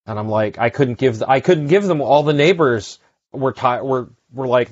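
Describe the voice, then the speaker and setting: A man's voice: mid-range voice, moderate pace, a little mellow, dry recording. A man hosting a podcast, chatting casually and rambling with lots of fillers and restarts. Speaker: podcast host. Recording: dry, dull lo-fi sound.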